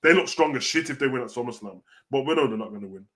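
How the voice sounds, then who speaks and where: A British man hosting a casual wrestling reaction stream. He is animated and slangy, tacking "bro" onto nearly every line. His voice sits at an ordinary male pitch. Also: very fast. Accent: British (London street slang).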